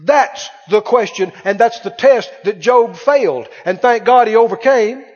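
High-voiced preacher in an echoing hall. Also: male voice, animated, unhurried, faint music behind. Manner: dynamic preaching, swinging between quiet and loud, rhetorical questions. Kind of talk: sermon. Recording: dull reverberant hall sound.

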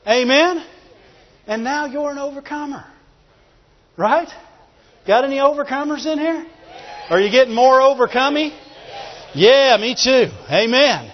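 A man preaching a sermon, calling for amens and often breaking into shouts. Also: very high-pitched, animated, measured pace, pauses often. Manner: call-and-response, often shouting. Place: church. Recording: reverberant church hall, dull lo-fi sound.

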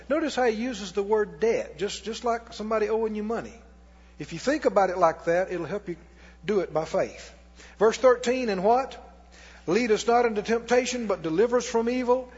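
A man preaching in a church, his voice pitched high and a bit husky, with folksy call-and-response to the congregation. The recording is dull and lo-fi, and a long hall reverb trails each phrase. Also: normal speed, a little mellow. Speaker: pastor. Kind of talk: sermon.

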